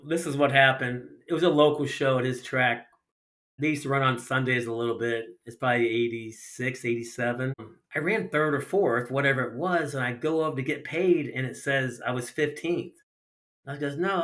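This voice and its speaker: A middle-aged man from Ohio, a retired racer, telling casual stories on a podcast and acting out the dialogue of the people in them. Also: medium pitch. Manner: animated anecdotes with lots of acted-out dialogue and casual slang. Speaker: guest, retired sprint car racer. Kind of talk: casual storytelling in a podcast interview.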